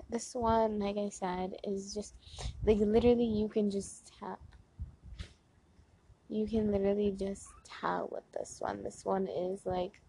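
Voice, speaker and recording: A woman's voice: medium pitch, warm tone, low-quality recording. A woman talks through positive affirmations in a casual, chatty way, full of "like" fillers. She repeats each affirmation several times. Faint wind noise sits behind her voice. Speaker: host reading affirmations. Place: outdoors on a porch.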